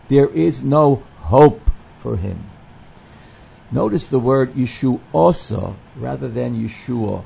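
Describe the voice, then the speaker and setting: Male Torah teacher, gravelly and mellow, readings, explanatory lesson delivery, dull lo-fi recording. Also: mid-range voice. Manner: explanatory, quotes the Hebrew text and then translates it. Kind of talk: verse-by-verse scripture lesson. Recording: dull lo-fi recording with faint noise.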